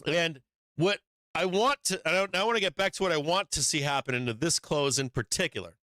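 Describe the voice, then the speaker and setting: A man with a bright, crisp voice giving casual live market commentary over charts. He talks bluntly and swears often. The recording is close and dry. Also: on the high side, fairly quick, no echo. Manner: profane, blunt, animated chart talk. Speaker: stock market stream host.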